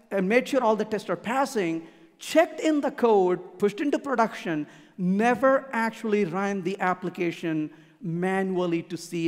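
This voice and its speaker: A conference speaker giving a keynote talk, emphatic and repeating key points for emphasis. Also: medium pitch. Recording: long hall reverb.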